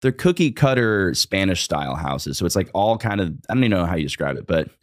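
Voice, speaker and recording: A young man with a low, deep voice tells a rambling, comic story in a casual podcast chat. He swears freely and laughs mid-sentence. The sound is close and dry, with no room in it. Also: very animated, fast, no room sound. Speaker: storyteller guest.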